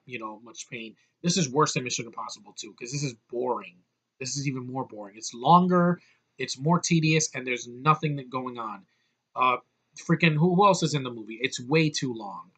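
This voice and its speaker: A man's voice: mid-range voice, sharp tone. A man giving an exasperated, profane movie review rant, with heavy emphasis. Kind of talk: ranting movie review vlog.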